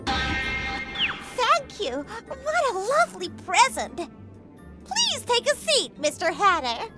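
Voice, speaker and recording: Spoiled, demanding little girl; very high, unhurried, game music underneath. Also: huge pitch swings, heavily acted. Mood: delighted. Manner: whiny, demanding.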